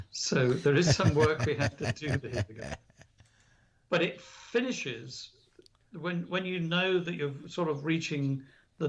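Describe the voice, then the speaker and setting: A man giving an earnest spiritual talk as a radio guest, retelling a story with quoted dialogue. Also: medium pitch. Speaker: guest speaker on spiritual alchemy. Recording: dull lo-fi radio audio.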